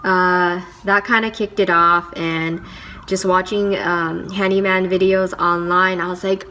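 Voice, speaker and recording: A young woman vlogging to camera about her work as a handywoman, talking in a reflective, halting way with many fillers. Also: fairly low pitch, flat delivery, sharp tone, slight background noise. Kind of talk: casual talking-to-camera vlog.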